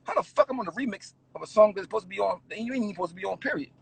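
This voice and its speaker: A man's voice: high voice, racing, vocal fry, slightly rough, dry recording, rough recording. A man, a rapper telling stories in a casual interview, swearing and laughing as he goes. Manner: animated, swearing, laughing storyteller.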